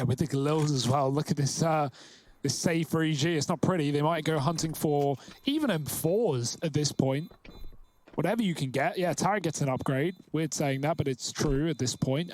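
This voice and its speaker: A man calling a live esports match with quick, analytical play-by-play. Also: a little high, a little mellow, slight background noise. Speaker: esports caster. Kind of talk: live game commentary.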